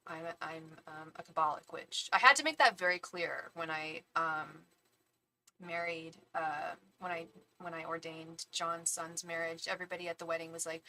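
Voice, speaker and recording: A woman doing a live tarot reading in a bright, clear voice. She chats casually with viewers in animated bursts and restarts often. At other times she softly repeats a chanted invocation. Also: deep voice, normal speed, low-quality recording. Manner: chatty and animated, with frequent restarts. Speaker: tarot reader and psychic medium. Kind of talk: casual chat on a live stream.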